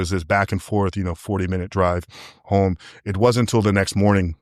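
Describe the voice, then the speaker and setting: A man with a low voice tells his story candidly and with feeling, often trailing into fillers. The sound is dry and close. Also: steady tone, a little mellow, no room sound. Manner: candid, emotional, fast storytelling with many fillers. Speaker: podcast guest, coach. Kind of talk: casual interview storytelling.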